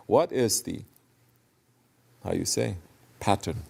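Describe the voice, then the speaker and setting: Low gravelly man giving a Sufi talk. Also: lively intonation, moderate pace, pauses often, warm tone. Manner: conversational, asks listeners questions, searches for words. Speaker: Sufi teacher. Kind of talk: sermon.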